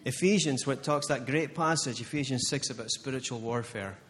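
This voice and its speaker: A man's voice: mid-range voice, moderate pace, fairly bright tone, in a large hall, a little hiss or hum. A male pastor preaching a sermon, impassioned and building to fired-up declarations with emphatic repeated phrases.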